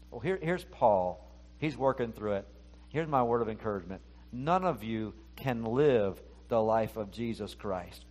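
Man preaching a conversational sermon. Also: mid-range voice. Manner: conversational, acts out quoted inner voices. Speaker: pastor.

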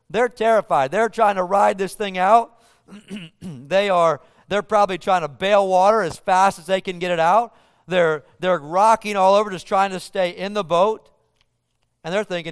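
A male pastor with a fairly high, smooth and resonant voice delivers a sermon. He tells the story vividly, building the scene for his listeners. The sound is close and dry. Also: no echo.

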